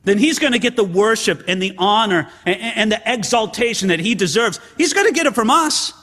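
A man preaching a sermon in a church sanctuary. He speaks in a high, bright voice and builds from quiet asides to loud exclamations, asking the congregation one question after another. Long reverb trails every line. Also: fairly quick. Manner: animated preaching with rhetorical questions and rising exclamations. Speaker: pastor.

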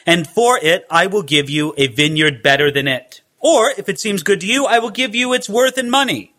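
A man's voice: high-pitched, normal speed, pushed and bright. A man reading as a coaxing covetous king.

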